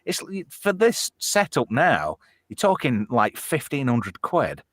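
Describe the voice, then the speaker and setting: Man, tipsy, rambling, swears a lot, lively up-and-down pitch, dry close sound. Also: slow pace, no echo. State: slightly drunk. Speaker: show host reading chat. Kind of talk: casual chat.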